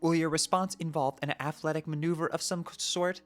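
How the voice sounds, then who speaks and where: A man voicing a composed young female troll who speaks in a measured, slightly formal way. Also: a little high, steady tone, soft background music, voice pushed up, lightly acted.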